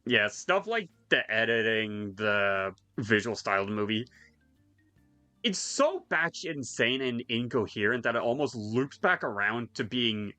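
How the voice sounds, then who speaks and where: Excitable man, bright, animated delivery; casual swearing host. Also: medium pitch, a little slow, no echo, faint music behind. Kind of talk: casual chat with friends.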